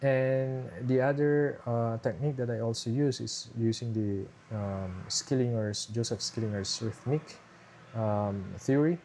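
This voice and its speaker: A man's voice: mid-range voice, a little slow, dark tone. A young man casually walking viewers through his thesis research, explaining with many fillers and restarts. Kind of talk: casual screen-share walkthrough. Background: airplane noise from a nearby airport.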